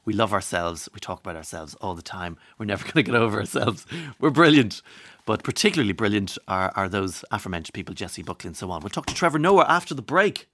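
A man's voice: fairly low pitch, sing-song, fast talker, fairly bright tone, no room sound. A man with an Irish accent hosting a radio show, chatting casually, joking and reading out listener messages. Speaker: radio host. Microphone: studio microphone.

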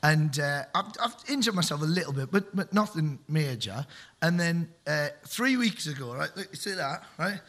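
A man, a comedian guest, telling rambling, animated stories and laughing as he goes. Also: on the high side, normal speed. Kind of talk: anecdotal chat.

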